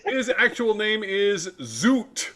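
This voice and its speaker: A man hosting a trivia quiz with the guests, playful and quick to laugh at his own jokes. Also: sits high, big pitch swings, pushed and bright. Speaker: quiz host. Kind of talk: game show hosting over video call.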